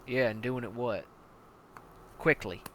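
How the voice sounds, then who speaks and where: A man's voice: mid-range voice, a little slow, slight background noise, close to an everyday voice. A man playing a brutal, foul-mouthed tank commander. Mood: menacing. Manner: barking, contemptuous, profane.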